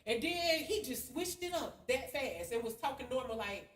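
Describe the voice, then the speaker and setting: Blunt, fiery high-voiced woman ranting. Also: animated, moderate pace. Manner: blunt, heavy cursing, heated. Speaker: spiritual vlogger. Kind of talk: casual storytime rant. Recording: echoey room, far from the mic, faint hiss.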